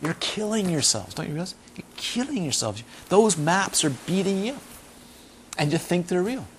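A high-pitched male meditation teacher talks informally about the dharma at a moderate pace. He tells stories animatedly, leans on emphatic repetition, and acts out quoted voices, with slight noise in the background.

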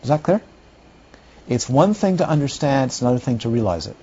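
A middle-aged Buddhist teacher lectures a class on Buddhist philosophy, rambling into asides and conversationally checking in with his listeners. His mid-range voice is mellow, a little husky, animated and fairly quick. The recording is dull and lo-fi.

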